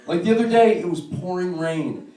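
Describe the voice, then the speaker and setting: Lively young man doing stand-up. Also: high voice, roomy sound, distant mic. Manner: profane, animated storytelling with quick asides. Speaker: stand-up comedian. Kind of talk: stand-up comedy set. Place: comedy club stage.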